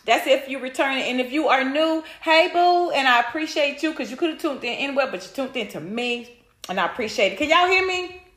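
Chatty high-voiced woman podcast host. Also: expressive, fairly quick, a bit bright. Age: middle-aged. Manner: chatty, greets viewers by name. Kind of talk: casual livestream chat. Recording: echoey room.

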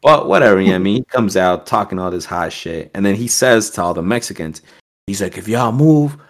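As a podcast guest, a man tells a story in a casual, streetwise way, full of slang and heavy swearing. His voice sits low and moves at a quick pace. He quotes people animatedly.

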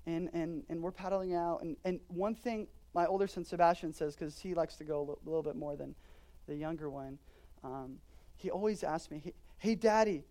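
A man in his thirties, a pastor preaching a sermon, swinging between loud emphatic declarations and quiet earnest asides. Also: a little high, steady tone, normal speed.

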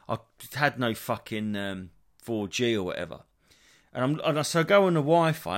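A man, hosting a solo comedy podcast and rambling sweary stories with lots of restarts. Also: on the low side. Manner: rambling, sweary, animated storytelling. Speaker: podcast host.

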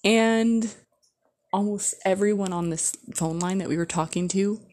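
A woman's voice: medium pitch, a little slow, darkish tone. A woman vlogger telling a casual storytime, chatty and rambling with lots of filler words.

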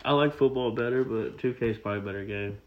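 A young man in loose podcast banter, joking and needling his co-host and swearing often. His voice sits at an ordinary middle pitch. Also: fast talker, highs cut off. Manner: joking, teasing, swears freely. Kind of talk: casual chat.

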